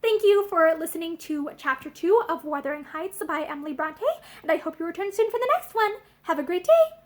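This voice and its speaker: A woman reading a classic novel aloud in an expressive, animated way, seated indoors before a camera. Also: extremely high pitch, a little fast. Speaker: audiobook reader.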